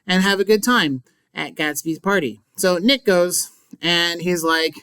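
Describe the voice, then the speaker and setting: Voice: medium pitch, a little slow, sharp tone, clean tone, dry recording. A teacher giving a casual, chatty recap of a book chapter, full of asides and playful remarks. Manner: playful, mock-dramatic. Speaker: English teacher.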